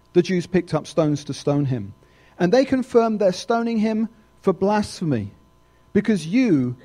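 A man preaching a sermon, emphatic and animated. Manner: animated, wide swings in pitch, emphatic.

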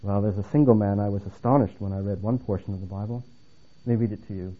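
A man's voice: lowish voice, fast. A man giving a theology lecture in an earnest, emphatic way, with some restarts and dry humor. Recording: phone-like narrow band.

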